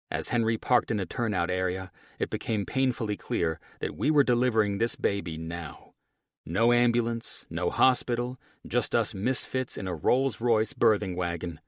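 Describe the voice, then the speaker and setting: A male audiobook narrator reading in first person with a wry, profane, lively storytelling manner. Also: sits low, no echo, studio quality.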